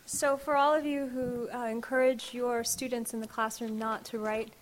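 A woman poet, reading her poems aloud live in a wry, unhurried way. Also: a little high, flat delivery, noisy background. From Kentucky. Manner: wry, unhurried, drawn-out vowels in the verse.

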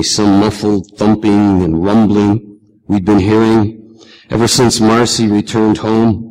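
A man reading literary fiction aloud in a measured, reflective way. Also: lowish voice, darkish tone, big-room sound, rough recording. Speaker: reader.

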